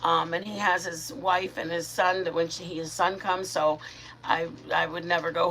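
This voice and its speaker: Her tone level and her pace a little slow, a middle-aged woman from Michigan runs a casual live stream. She's chatty and warm, calls out viewers by name, and talks sweetly to her dogs in a high baby voice. Slight background noise is present.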